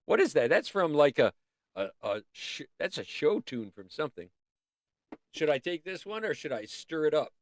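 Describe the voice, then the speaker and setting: A man's voice: fairly high pitch, sing-song, normal speed. A man hosting a casual art livestream, rambling and easily sidetracked, breaking off to sing bits of songs. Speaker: livestream host.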